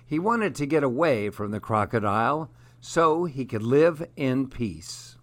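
A man reading a children's story aloud in a measured, unhurried way. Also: medium pitch, lively intonation.

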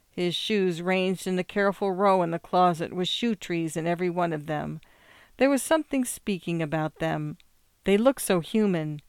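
A woman narrating a story in a steady, measured reading voice. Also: on the low side, smooth, no echo, studio quality. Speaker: audiobook narrator.

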